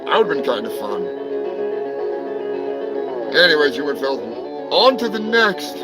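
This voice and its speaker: A man hosting a crude comedic news show, rambling profanely and breaking into shouted bits. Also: fairly high pitch, sing-song, measured pace, over loud music, low-quality recording. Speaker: host.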